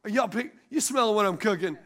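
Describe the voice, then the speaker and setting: Animated high-voiced preacher. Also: male voice, brisk. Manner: animated preaching with call-and-response questions to the congregation; laughs at his own stories and stumbles over restarts. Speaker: pastor. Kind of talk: sermon.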